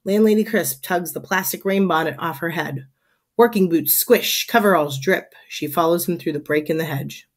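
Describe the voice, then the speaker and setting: Expressive woman reading a storybook aloud. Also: lowish voice, normal speed, husky. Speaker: teacher reading to a class. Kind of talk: reading a children's chapter book aloud.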